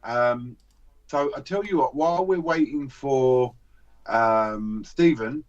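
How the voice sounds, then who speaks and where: A British man hosting a charity livestream, running a joking fast-patter auction of a silver bar. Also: mid-range voice. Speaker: livestream host. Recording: dull lo-fi stream audio.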